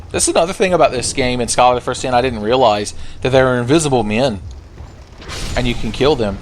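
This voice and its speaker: A man's voice: medium pitch, a little hiss or hum. A young man commenting on a video game he plays, joking and sarcastic, now and then breaking into silly singing. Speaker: gaming video host. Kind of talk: casual let's play commentary.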